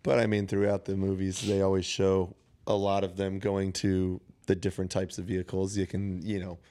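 Male podcast co-host, lower register, even-tempered and reasonable. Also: normal speed. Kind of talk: casual movie chat.

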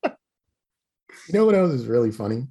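A man's voice: medium pitch, sing-song, a little slow, warm tone, husky. A man co-hosting a casual comedy chat, arguing his opinions bluntly and ranting. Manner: opinionated, makes blunt arguments and rants.

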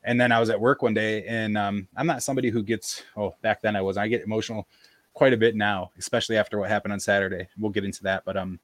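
A man telling a personal story in casual conversation, halting and full of fillers and restarts, on a video call. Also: fairly low pitch, little pitch movement, dry recording, clean studio sound. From American South, Appalachia. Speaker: podcast guest.

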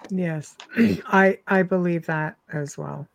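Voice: medium pitch, fairly even intonation, takes it slowly, creaky, no echo. Reflective, chatty host, dry sound. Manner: reflective, chatty, laughs easily. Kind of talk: interview, casual chat.

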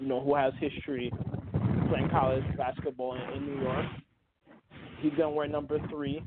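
A man hosting a casual sports talk show, rambling with many restarts and fillers. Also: mid-range voice. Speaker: podcast host. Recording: tinny phone-like line, dry.

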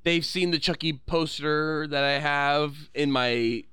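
Man, podcast co-host, animated storyteller, higher voice, dry studio sound. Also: takes it slowly, smooth, no echo. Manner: animated storytelling, acts out quotes. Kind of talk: casual chat.

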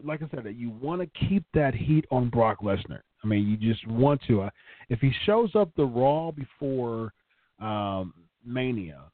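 A man's voice: medium pitch, dry recording. A male podcast host giving opinionated, casual commentary and answering a live chat, who often repeats words and restarts sentences. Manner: opinionated, conversational. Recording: tinny phone-like line, dry.

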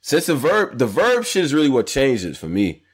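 A man co-hosting a casual chat show, animated and slangy, with lots of stammered restarts. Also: mid-range voice, moderate pace, slightly rough. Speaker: podcast co-host. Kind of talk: casual chat about battle rap.

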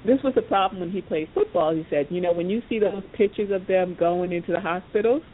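A woman's voice: fast talker, breathy edge. A woman hosting a talk show, telling a story casually and acting out the voices of the people in it, with lots of fillers. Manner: animated storyteller, acts out quoted voices, many fillers. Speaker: podcast host. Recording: tinny phone-line audio with faint rumble.

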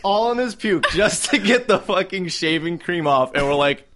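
A man's voice: high voice, expressive, moderate pace, bright, forceful tone. A young man casually telling a profane story on a podcast, laughing as he goes. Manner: profane, laid-back, laughing through the story. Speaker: podcast co-host.

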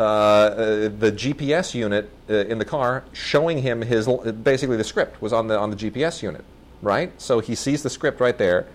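A man co-hosting a casual movie review chat, enthusiastic and rambling, often restarting and correcting himself mid-sentence. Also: mid-range voice. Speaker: film review co-host.

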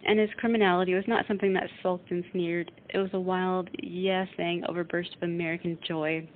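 A woman hosting an internet radio show reads a novel aloud in a calm, measured way. Her voice is somewhat low and stays flat and even. The sound is narrow and tinny, like a phone line. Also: slight background noise. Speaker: radio host. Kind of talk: reading a classic novel aloud.

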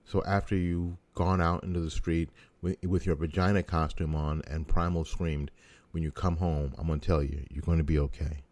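A middle-aged man talks in a very low, deep voice, blunt and sarcastic with a folksy edge. He is an American talk show host riffing through an opinion monologue. The sound is dry and close, with no room around it. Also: fairly even intonation, normal speed, darkish tone, dry recording.

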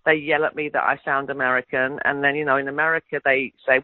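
A middle-aged actress from England with a mid-Atlantic English accent, chatting through an interview story by story with plenty of ums and restarts. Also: female voice, extremely low pitch, level tone, fast, slight background noise. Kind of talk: casual interview chat. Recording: tinny phone-like line, dry.

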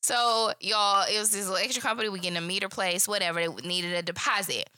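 A woman's voice: mid-range voice, quick pace, pushed and bright, dry recording. A woman co-hosting a casual podcast chat who speaks bluntly, laughs often, and. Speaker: podcast co-host.

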